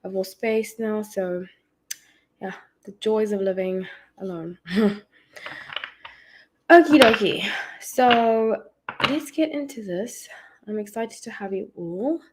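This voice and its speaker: A woman's voice: medium pitch, slow, pauses often, background noise. A woman hosting a casual tarot livestream from home, chatting with viewers and greeting them by name between rambling asides.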